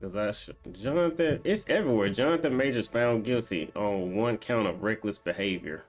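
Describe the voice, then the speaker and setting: A man's voice: on the low side, animated, normal speed. A man streaming a game, chatting casually and reading viewer comments aloud as he banters with them. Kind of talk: casual live-stream chat.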